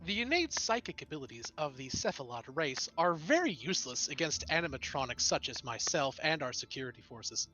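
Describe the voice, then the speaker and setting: Man doing a stiff security robot, deep and formal, bright edge to the voice, faint music under it. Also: a little fast, hardly any pauses, poor audio. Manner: flat, formal machine phrasing.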